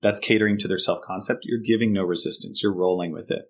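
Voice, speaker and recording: A man's voice: sits low, fairly even intonation, quick pace. A man, a counselor, explaining parenting strategies in a podcast interview, often acting out sample phrases to kids.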